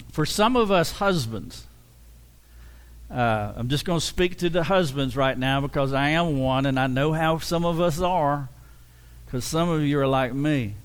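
Animated preaching man with clear voice. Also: high-pitched. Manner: animated, humorous, acts out quoted dialogue. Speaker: pastor. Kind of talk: sermon.

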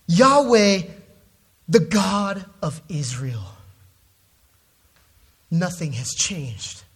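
A preacher delivering an expository sermon at an unhurried, measured pace. The voice leans hard on key words for emphasis and often repeats a word when restarting a phrase. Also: medium pitch, a bit bright, breathy edge.

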